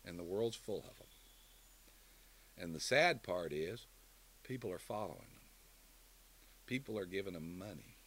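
A man preaching a sermon and closing in prayer, emphatic, building to loud declarations and dropping low again. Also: animated, normal speed, pauses often, slight background noise.

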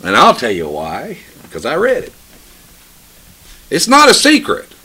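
A man preaching a sermon, reading scripture slowly and solemnly, then explaining it with emphatic swells in his voice. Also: on the high side, huge pitch swings, sharp tone, slightly rough.

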